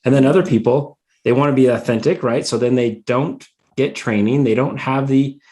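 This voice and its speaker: A man's voice: mid-range voice, normal speed, mellow. A man hosting a podcast over a video call, asking long, rambling questions full of fillers. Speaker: podcast host. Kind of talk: casual interview chat.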